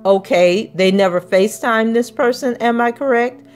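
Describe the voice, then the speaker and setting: A woman podcast host reading a trial transcript aloud, voicing the questioning in a measured, even way. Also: fairly high pitch, soft background music.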